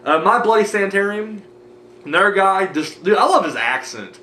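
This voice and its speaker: A man's voice: high-pitched, expressive, moderate pace, bright, forceful tone, reverberant, a little hiss or hum. An American man rambling casually with many fillers while thanking his viewers in a vlog. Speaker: movie review vlogger.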